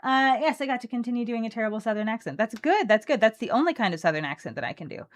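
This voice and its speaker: A woman's voice: on the high side, racing. Chatty woman opening card packs. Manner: chatty, playful, reads card text aloud. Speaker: co-host of card game stream.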